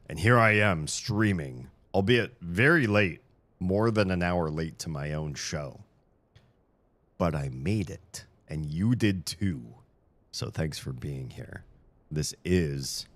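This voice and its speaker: A tired-sounding man with a rumbling low voice hosts a live stream, chatting casually, rambling and joking with frequent stammered restarts. He speaks into a studio microphone in a room with shelves.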